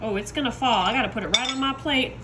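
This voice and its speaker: Excitable woman cooking, high voice. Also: quick pace, background noise. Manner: chatty, excitable, addresses viewers as y'all. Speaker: home cook showing desserts. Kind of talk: casual cooking video. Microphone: phone.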